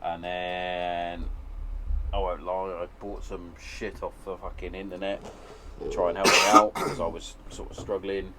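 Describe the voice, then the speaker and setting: Heavy background noise surrounds this podcast host, whose low voice barely moves in pitch as he talks at a measured pace. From his home shed, he speaks openly and emotionally about hardship, cursing freely in a casual conversation.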